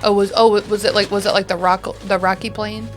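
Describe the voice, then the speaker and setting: A woman's voice: mid-range voice, flat delivery, a little fast, faint music behind. A woman playing a tabletop game, joking around casually. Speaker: player.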